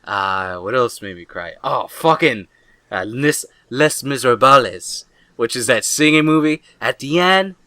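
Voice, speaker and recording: Bright-voiced young guy ranting. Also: medium pitch, measured pace, dry recording. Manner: excitable, rambling, swears a lot. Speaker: podcast co-host. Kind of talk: casual chat.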